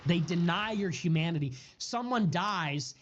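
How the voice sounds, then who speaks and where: The voice sits high and expressive, moving a little slowly, as a political streamer builds a heated rant through repetition and stacked words, punctuated by swearing. Audio quality is dull and lo-fi.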